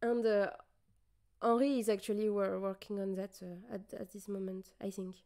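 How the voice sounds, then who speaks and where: Tired French woman, mellow voice. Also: mid-range voice, level tone, normal speed. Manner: hesitant, searching for English words, many fillers. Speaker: streamer. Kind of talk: casual livestream chat.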